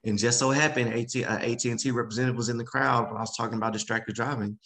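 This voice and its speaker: A man, a guest speaker in an interview, telling his story in a casual, animated way and acting out other people's voices. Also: mid-range voice, rapid-fire, poor audio. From Memphis, Tennessee. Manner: animated, acts out quoted voices.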